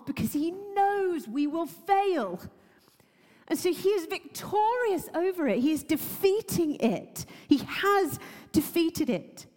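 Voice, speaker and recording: A woman's voice: extremely high pitch, darkish tone, long reverb tail. A woman preacher giving a sermon, earnest and emotional, laughing now and then and using many fillers.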